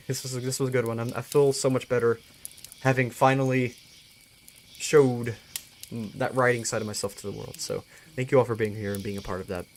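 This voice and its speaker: A man's voice: mid-range voice, steady tone, normal speed, pauses often, slight background noise. A man hosting a live stream, closing it in an earnest, thankful way and often restarting his words. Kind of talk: casual live-stream sign-off.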